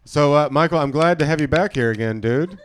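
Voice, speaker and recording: A man's voice: a little high, fairly quick, a little hiss or hum. A man hosting an open mic comedy show in a small club, introducing comics and bantering loosely with fillers. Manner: loose, hypes the crowd with fillers. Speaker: host. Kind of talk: casual emcee banter.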